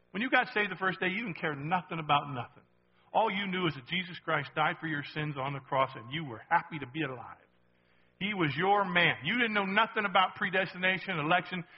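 A man preaching a sermon in a lively, conversational way, asking the congregation questions as he goes. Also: high voice, muffled recording. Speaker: pastor.

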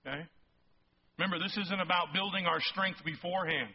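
A male pastor preaching a sermon, emphatic and rising toward near-shouts on key points, often checking in with the congregation. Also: high voice, fairly even intonation, brisk, slightly rough. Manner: asks the congregation frequent check-in questions. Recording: slightly muffled sermon recording.

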